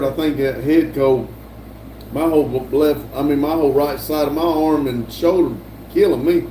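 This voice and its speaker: Older man, livestream host reading chat; mellow voice, echoey room. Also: on the high side. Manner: reads chat aloud with frequent fillers and restarts. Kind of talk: casual live-stream chat. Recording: echoey room, voice from a distance, faint hum.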